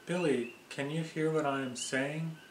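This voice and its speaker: A man's voice: fairly high pitch, steady tone, unhurried, noisy background, close to an everyday voice. Man reading an earnest insistent friend, echoey room. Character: earnest male friend questioning Billy.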